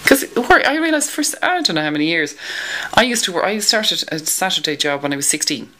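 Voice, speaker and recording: Low-voiced woman telling her story quickly. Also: expressive, pushed and bright, rough recording. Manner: candid, halting, with restarts. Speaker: interviewee. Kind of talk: personal storytelling.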